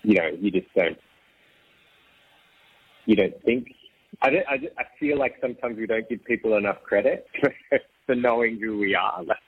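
A man telling his own story as an interview guest, rambling with restarts and soft laughs. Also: fairly low pitch, moderate pace, pauses often, husky. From Australia. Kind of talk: casual conversational storytelling. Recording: tinny phone-like line, dry.

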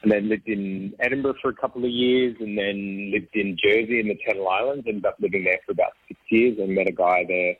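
A man telling his own story as an interview guest, rambling with restarts and soft laughs. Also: on the low side, steady tone, fairly quick, hardly any pauses, husky, no room sound. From Australia. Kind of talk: casual conversational storytelling. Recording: tinny phone-like line, dry.

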